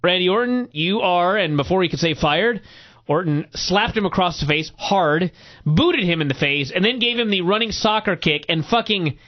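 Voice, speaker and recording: A man hosting a podcast, recapping a wrestling show in casual, profane, animated chat. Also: high voice, normal speed. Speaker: podcast host. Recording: muffled lo-fi recording.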